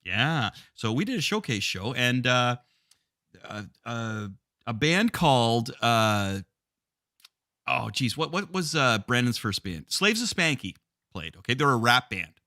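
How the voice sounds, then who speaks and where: Excitable guy rambling through a band story, bright voice that jumps all over. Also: medium pitch, unhurried, no room sound, clean studio sound. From Canada. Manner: excitable, rambling, lots of fillers. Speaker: host musician. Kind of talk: casual chat.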